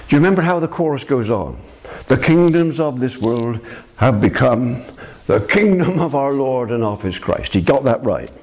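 Older husky-voiced man preaching with animation. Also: medium pitch, normal speed. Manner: animated, emphatic, addresses listeners as my friend. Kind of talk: sermon.

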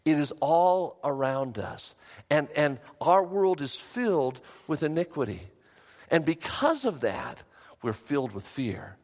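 A middle-aged man preaching a sermon as a pastor, emphatic, his voice rising high in bursts. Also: sing-song, a little slow, darkish tone, big-room sound.

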